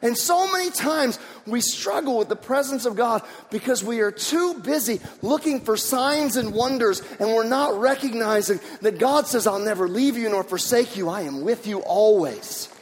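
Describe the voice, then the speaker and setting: A man preaching a sermon, telling stories in an animated way with many restarts and repeated words. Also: extremely high pitch, normal speed, few pauses, in a large hall. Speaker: pastor.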